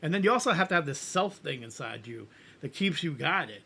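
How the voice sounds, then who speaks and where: An earnest middle-aged man reacting to music, his voice sitting a little high and sounding bright and tense. He rambles and restarts his sentences as he works through his thoughts, like a host talking casually to the camera. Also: animated, fairly quick, vocal fry, slightly rough.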